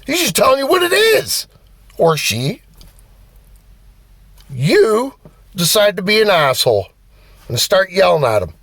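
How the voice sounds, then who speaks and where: A man's voice: high-pitched, measured pace, long pauses, no echo. A man giving a blunt, profane motivational rant as a vlogger. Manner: blunt, heavy swearing, animated. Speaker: vlogger and driver.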